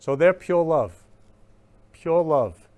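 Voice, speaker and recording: A man's voice: a little high, lively intonation, slow, dark tone. A male talk-show host in live-stream chat, effusive and emotional, repeating loving greetings over and over. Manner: emotional, gushing.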